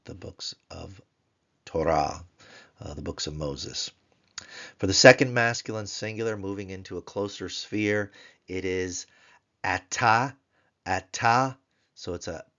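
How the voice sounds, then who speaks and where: A middle-aged man with a very low voice teaches a recorded grammar lesson, repeating each Hebrew word slowly so students can follow. He slips in wry, joking asides between the drills. The recording sounds dull and lo-fi.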